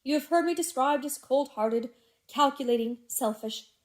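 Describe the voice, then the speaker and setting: A woman reading the part of a smooth, persuasive older gentleman in a classic novel. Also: high-pitched, moderate pace, natural voice. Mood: soothing. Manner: silky, persuasive, falsely tender.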